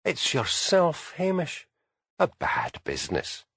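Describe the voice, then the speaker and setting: Man putting on a grizzled old butler, higher voice, gloomy, plain-spoken, audiobook. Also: wildly swooping pitch, slow, fairly bright tone, slightly rough, dry recording, full character voice. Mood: dour.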